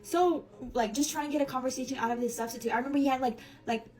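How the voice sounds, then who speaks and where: A woman's voice: high voice, rapid-fire, a little mellow, soft background music. A young woman telling a casual storytime, rambling with lots of fillers and casual swearing. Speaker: storytime creator.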